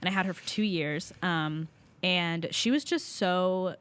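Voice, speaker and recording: Young woman, podcast co-host, casual chat, lowish voice, laughs a lot. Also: measured pace, fairly bright tone, clear, resonant tone. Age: young adult. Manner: chatty, laughs often, many fillers.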